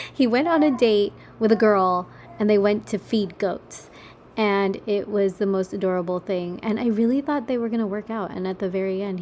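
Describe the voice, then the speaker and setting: A young adult woman hosts a casual solo podcast from her kitchen table, chatting and rambling, swearing offhandedly and laughing at herself. Her voice is mid-range with a darkish tone, and there's a little hiss or hum in the background.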